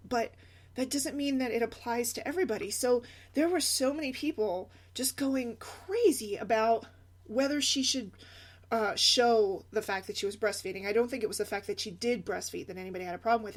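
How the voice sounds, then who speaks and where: Young adult woman, a touch high-pitched; casual, lively vlog chatter. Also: normal speed. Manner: chatty, animated, laughs often. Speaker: mom blogger.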